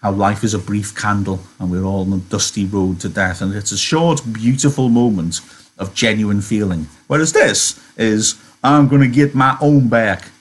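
A man's voice: on the low side, normal speed, slightly rough. A male teacher giving an online literature lesson, reading aloud and musing conversationally with rhetorical questions.

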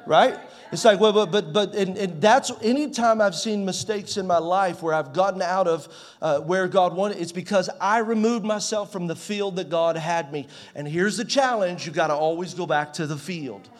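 A pastor in his forties preaching a sermon in a conversational way, swinging from loud to soft. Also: high-pitched, normal speed, hardly any pauses. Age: 40s.

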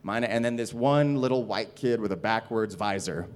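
A young adult man, a stand-up comedian, telling a story in an interview, profane and animated, acting out other people's voices. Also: on the low side, normal speed.

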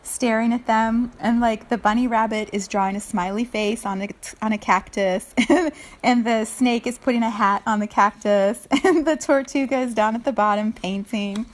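A woman reads a children's picture book aloud in a relaxed, chatty manner, laughing often and pausing between lines to describe the illustrations. Her voice is on the high side and she speaks at a normal speed.

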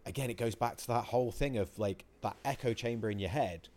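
A man's voice: medium pitch, brisk, a little mellow, slight background noise. A man co-hosting a casual podcast chat, swearing freely and acting out his own outbursts as he talks. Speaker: podcast co-host.

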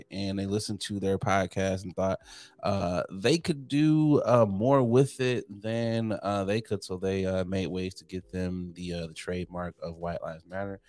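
A young adult man co-hosting a casual podcast, telling profane, animated stories and acting out what people said. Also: low voice, no echo. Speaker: podcast co-host. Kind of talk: casual chat.

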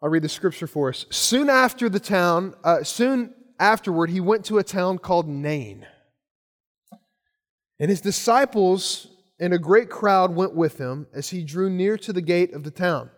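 A man's voice: sits high, lively intonation, unhurried, in a large hall. A man preaching a sermon as pastor, earnest, often repeating his phrases and restarting.

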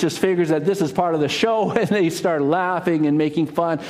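A man preaching a sermon, telling a story dramatically, rising to loud cries and dropping to a hush. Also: fairly high pitch, normal speed, few pauses. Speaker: pastor.

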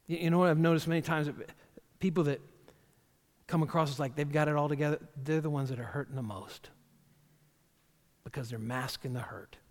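A man, the pastor, preaching a sermon in an animated way, often repeating phrases and stumbling on the starts of words. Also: fairly high pitch. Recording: church hall with long reverb.

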